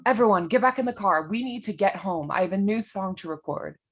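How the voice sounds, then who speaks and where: A woman's voice: mid-range voice, animated, brisk, a crowd in the background, close to an everyday voice. A woman voicing a panicky young man who pleads frantically, in an amateur comedic audio drama. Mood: elated.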